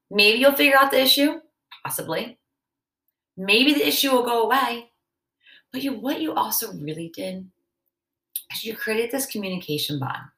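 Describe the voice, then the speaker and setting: Bright-voiced woman in an echoey room. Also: a little high. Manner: conversational, acts out little quoted dialogues. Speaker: podcast host. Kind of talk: casual self-help podcast talk.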